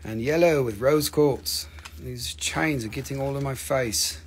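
A man's voice: mid-range voice, unhurried, a little hiss or hum. A man selling rocks on a live stream, teasing viewers by name, swearing casually and joking between prices. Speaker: live-stream crystal seller.

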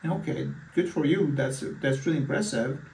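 A man's voice: fairly high pitch, normal speed, vocal fry, darkish tone, slight background noise. A man acting as a physician in a mock patient consultation, talking hesitantly with many fillers and restarts. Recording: echoey room, far from mic.

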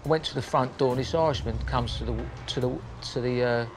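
A man's voice: medium pitch, music in the background. A man bluntly recounting his own story in casual talk, swearing often and acting out what people said. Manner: blunt, swearing, acts out scenes with quick quoted voices. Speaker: interviewee recounting his crimes.

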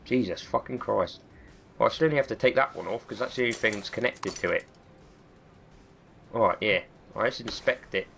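A man's voice: lowish voice, brisk, gravelly, pauses often, a bit bright, a little hiss or hum. Man with a cold, swearing. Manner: chatty, swears often, self-mocking. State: has a cold. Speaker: gaming video host. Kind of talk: let's-play commentary.

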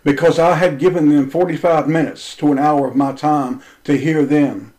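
Intense, foul-mouthed man with a higher voice. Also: steady tone, moderate pace, low-quality recording. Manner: intense and confrontational, swears freely, voice swings from loud to low. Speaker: online preacher telling a personal story. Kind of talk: impassioned storytelling monologue.

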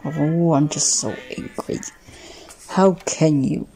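A woman's voice: low-pitched, slow, gravelly, warm tone, voice pushed down, exaggerated voice. A woman voicing a frustrated young male intern in a life-sim game who complains about mopping floors instead of treating patients. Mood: annoyed. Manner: indignant complaining.

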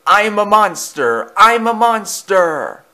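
A man's voice: on the high side, sing-song, measured pace, bright, forceful tone, full character voice. Vain prankster engine, sly and teasing, read by a male narrator. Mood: mocking.

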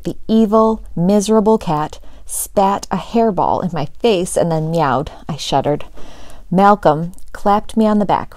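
A teacher reading a children's chapter book aloud with steady, expressive storytelling, close to the mic. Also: female voice, lowish voice, no room sound.

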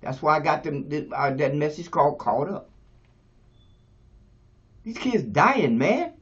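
A man's voice: sing-song, measured pace. Older man preaching, dull lo-fi sound. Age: 70s. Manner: preaching, swings from low to shouting. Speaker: pastor. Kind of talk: sermon.

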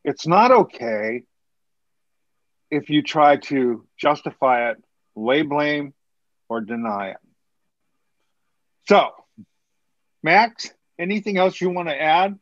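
A man's voice: fairly high pitch, lively intonation, slow, pauses often, dry recording. Earnest, preachy man on dull call audio. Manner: earnest, preachy, rambling with restarts and laughs. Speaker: podcast co-host, hair color educator. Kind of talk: casual podcast chat.

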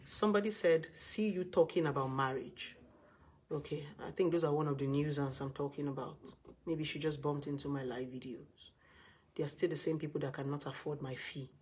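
A woman's voice: low-pitched, a little fast, darkish tone, breathy edge. A woman with a Nigerian accent giving blunt, scolding relationship advice in a live video session.

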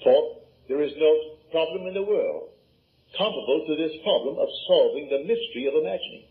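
A man's voice: a little high, animated, brisk. An older man with a Barbadian accent giving an emphatic spoken lecture, full of rhetorical questions. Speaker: lecturer on scripture and imagination. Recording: tinny lo-fi archive recording.

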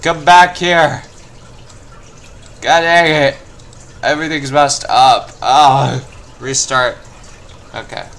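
Slow-talking young man raging at a game. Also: on the high side. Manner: frustrated, swings from mumbling to yelling. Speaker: gameplay video host. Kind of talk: let's play commentary.

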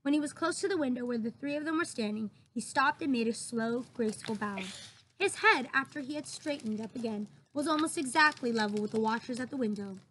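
Expressive woman teacher reading aloud. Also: a little high, brisk, a little hiss or hum, low-quality recording. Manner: expressive, chatty asides to listeners. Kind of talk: read-aloud storytelling for students.

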